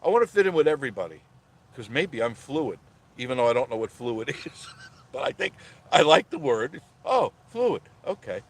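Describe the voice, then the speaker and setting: A man hosting a casual live stream from a parked car, ranting loudly and sarcastically, then reading viewer comments. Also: mid-range voice, animated, fairly quick. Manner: loud, ranting and sarcastic, mocking voices.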